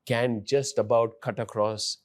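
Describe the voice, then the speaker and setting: A man's voice: mid-range voice, fairly even intonation. Male host steering the talk. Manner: leading, pushes his own views, quick interjections. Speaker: interview host. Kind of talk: conversational interview.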